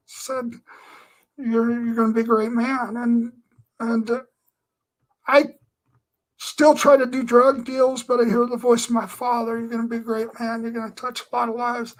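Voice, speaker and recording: A man with a very high voice, a Christian speaker, offers an earnest personal testimony over poor audio. His story drifts along, full of filler phrases.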